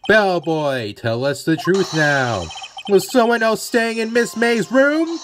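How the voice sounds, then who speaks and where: A man voicing a brash young male defense lawyer who presses witnesses with loud exclamations. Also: fairly high pitch, lively intonation, a little slow. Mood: pressing. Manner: punchy, exclaiming. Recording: music playing behind.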